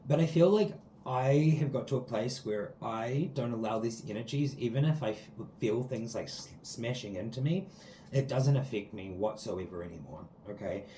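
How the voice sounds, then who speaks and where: A man's voice: mid-range voice, normal speed, mellow, roomy sound, a little hiss or hum, low-quality recording. A man giving a spiritual tarot reading to his viewers from outdoors, talking in an earnest, rambling way full of likes and ums. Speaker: tarot card reader. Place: sitting outdoors.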